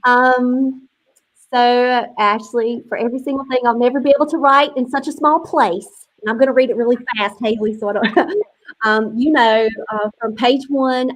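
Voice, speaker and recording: High-voiced effusive woman host. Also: fairly even intonation, moderate pace, rough recording. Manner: effusive, chatty, emotional, fighting tears. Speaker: publisher hosting a book launch. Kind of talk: casual online launch party hosting. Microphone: video call.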